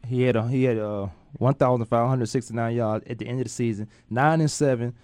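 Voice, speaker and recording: A man's voice: mid-range voice, steady tone, fairly quick, darkish tone, no room sound. A man hosting a casual sports talk radio show, playful and loose with slangy banter.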